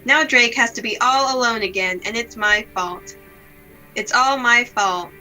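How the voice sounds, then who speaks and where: A woman reading aloud the lines of a gloomy, self-blaming young woman from a visual novel, in a slow, subdued, melancholy way. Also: a little high, sharp tone, faint music behind, poor audio.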